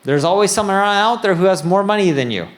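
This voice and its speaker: High-voiced man giving a casual keynote. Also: expressive, fast talker. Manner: casual, self-deprecating, joking; nerdy, plain-spoken. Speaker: keynote speaker. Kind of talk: conference keynote talk. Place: conference stage before an audience.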